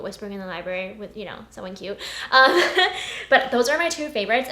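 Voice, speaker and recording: A woman's voice: a little high, a bit bright. A young woman in her twenties chatting casually while unboxing beauty products, gushing and giggling as she goes. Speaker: beauty vlogger. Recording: echoey room with noticeable noise.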